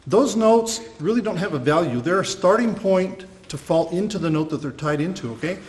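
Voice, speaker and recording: High-voiced violin teacher dude, patient, scats the rhythms. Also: male voice, expressive, moderate pace. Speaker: violin instructor. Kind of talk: music lesson.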